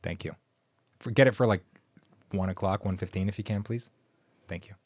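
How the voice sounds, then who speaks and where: A man's voice: on the low side, moderate pace, no echo. A man co-hosting a relationship podcast in casual chat, joking and boastful, rambling with lots of fillers. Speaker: podcast co-host.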